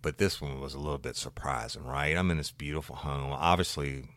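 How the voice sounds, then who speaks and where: Ex-cop, very deep voice, dry close sound, animated storytelling. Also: male voice, fairly quick, no echo. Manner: animated, swears, growing louder in retelling. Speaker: former police officer telling a story. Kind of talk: casual storytelling.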